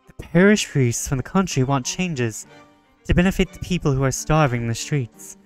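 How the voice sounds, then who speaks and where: A man reading out the lines of an earnest young male priest in a game, with a halting attempt at a French accent. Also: medium pitch, lively intonation, soft background music, lightly acted. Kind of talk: reading game dialogue aloud.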